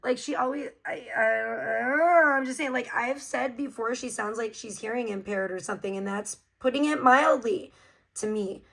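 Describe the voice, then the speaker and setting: A woman's voice: a little high, moderate pace, gravelly, a bit bright, poor audio. A woman hosting a livestream, giving blunt, profane, mocking commentary in a casual ranting style.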